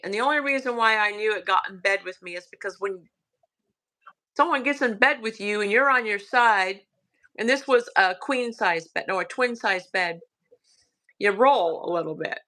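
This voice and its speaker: Southern woman, bright forward tone, halting hushed storyteller, lots of fillers. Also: mid-range voice. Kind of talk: casual storytelling.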